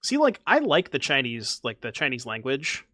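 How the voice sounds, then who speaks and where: Lively, chatty male game streamer. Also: medium pitch, normal speed, no echo, studio quality. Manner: chatty, self-mocking, talks to chat. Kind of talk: casual gameplay commentary.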